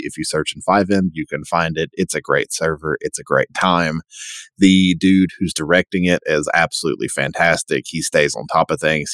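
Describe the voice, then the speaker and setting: A man with a very low voice chats on a podcast, upbeat and easygoing. The sound is dry and close, with no room around it. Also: fairly bright tone, dry recording. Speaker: podcast co-host. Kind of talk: casual chat.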